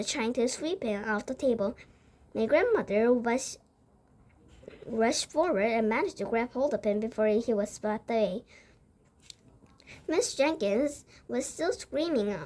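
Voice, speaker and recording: A woman reading a storybook aloud, halting now and then to restart a word. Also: on the high side.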